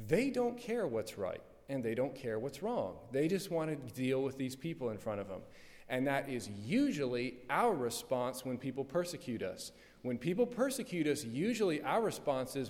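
A man's voice: mid-range voice, big pitch swings, moderate pace, a little mellow. A pastor preaching a sermon, pressing his point with rhetorical questions and repeated words. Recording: long hall reverb.

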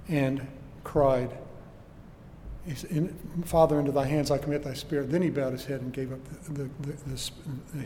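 A man's voice: fairly high pitch, darkish tone, big-room sound, slight background noise. A man preaching a sermon with earnest emphasis and rhetorical questions, recorded in a church.

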